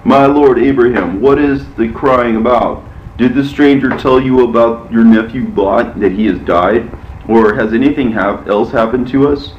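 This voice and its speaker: A man's voice: mid-range voice, animated, moderate pace, slight background noise, natural voice. A man reading as an aged, anxious wife. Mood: worried. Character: aged matriarch, anxious then insistent wife. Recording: echoey, muffled, from far off.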